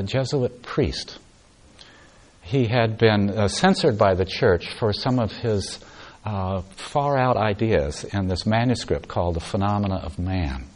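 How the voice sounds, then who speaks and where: A meditation teacher giving an evening talk on retreat. His voice sits on the low side, and he tells his story softly and without rush.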